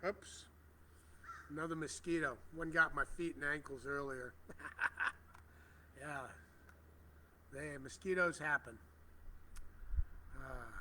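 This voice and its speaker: Middle-aged guy doing a prayer livestream outside on his phone, gentle and reverent, bright kinda high voice, a little hiss behind. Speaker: spiritual livestream host. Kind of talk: prayer livestream reading comments.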